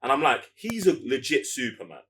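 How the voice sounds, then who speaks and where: A man's voice: medium pitch, wildly swooping pitch, brisk, a bit bright. A man, co-hosting a casual podcast chat and repeating words for emphasis. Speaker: podcast co-host.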